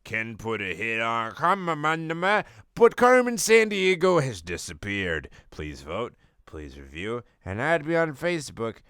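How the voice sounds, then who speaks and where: A man reading fan fiction aloud for laughs, jumping between put-on voices and sudden shouts. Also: mid-range voice, very animated, measured pace, clean tone, no echo, clean studio sound. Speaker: comedic reader of fan fiction. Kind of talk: mock dramatic reading.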